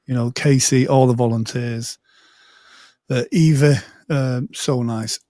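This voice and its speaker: A man's voice: mid-range voice, steady tone, slow pace, mellow, no room sound, studio quality. A man, a guest hypnotist in a casual video-call chat, chatting and reading comments aloud.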